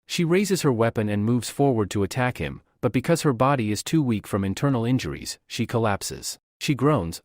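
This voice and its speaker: A man narrating a comic recap as scripted storytelling with an even cadence. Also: medium pitch, moderate pace, hardly any pauses, no echo, studio quality.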